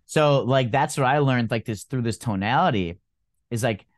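A man's voice: mid-range voice, normal speed, dry recording, studio quality. A man in casual conversation, rambling and filling his talk with "like" as he asks questions. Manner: rambling, heavy on "like" fillers.

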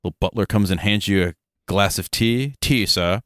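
A man co-hosting a casual tabletop gaming podcast, rambling and joking with quick asides. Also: lowish voice, no echo, clean studio sound. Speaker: podcast co-host.

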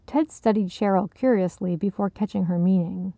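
Woman reading a story aloud, calm and even, dry kinda muffled sound. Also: medium pitch, moderate pace, hardly any pauses, dry recording. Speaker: narrator. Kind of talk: audiobook narration.

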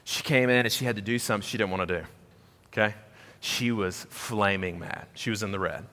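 A pastor preaches in a large hall full of reverb, talking fairly quickly in a bright, forceful male voice. His delivery rises to loud, high-pitched emphasis before falling low and soft, and he repeats phrases to hammer points in.

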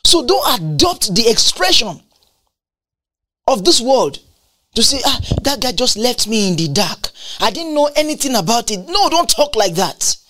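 A woman's voice: fairly high pitch, big pitch swings, a little slow, fairly bright tone. A woman preaching a sermon with emphatic, repetitive delivery and scripture quotations. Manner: emphatic, repeats lines for effect, quotes scripture.

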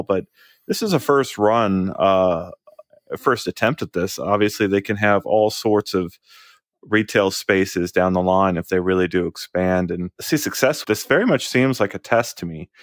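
A man co-hosting a casual tech show in a studio, talking through the news in a measured, analytical way. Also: fairly low pitch, dry recording. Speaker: co-host.

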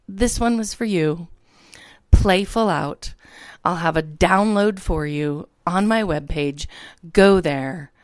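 A woman hosting a motivational podcast, a little hoarse and tired, talking with energy and asking her listeners for a response. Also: lowish voice, takes it slowly, no room sound, clean studio sound. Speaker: podcast host, motivational speaker.

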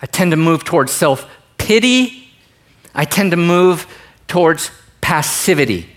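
A middle-aged man preaching a sermon in an animated, joking way, moving from quiet emphasis to loud bursts. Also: on the high side, unhurried. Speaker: pastor.

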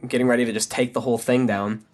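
A man's voice: medium pitch, little pitch movement, very fast, darkish tone. Blunt, swearing podcast host, a man. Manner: candid, blunt, swears freely. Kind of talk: casual solo podcast monologue.

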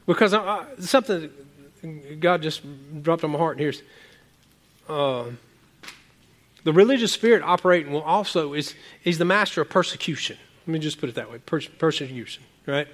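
A man preaching a sermon as a pastor, animated and rambling, often repeating words and swinging between loud exclamations and quiet asides. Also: fairly high pitch, moderate pace.

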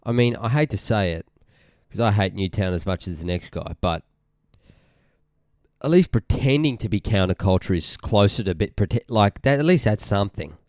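A man's voice: lowish voice, lively intonation, normal speed, darkish tone, no echo, clean studio sound. A young Australian man hosting a podcast, ranting casually in a rambling, irritated, sweary way and often trailing off mid-sentence. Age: young adult. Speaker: podcast host.

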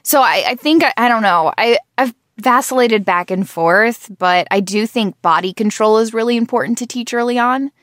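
A woman's voice: fairly high pitch, moderate pace, few pauses, fairly bright tone, no echo, clean studio sound. A woman in her thirties in casual conversation, rambling and restarting her sentences, with a groggy morning voice. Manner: chatty, rambling with frequent restarts and self-corrections.

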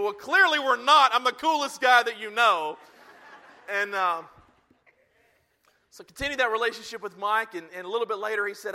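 A man preaching a sermon as a pastor, telling stories and acting out the people in them with lively energy. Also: high-pitched. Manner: animated storytelling, acting out quoted lines.

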